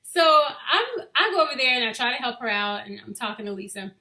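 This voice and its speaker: A woman's voice: fairly high pitch, sing-song, fast talker, pushed and bright. A young woman, an educator, casually telling a personal story, chatty and laughing as she talks to her listeners as y'all.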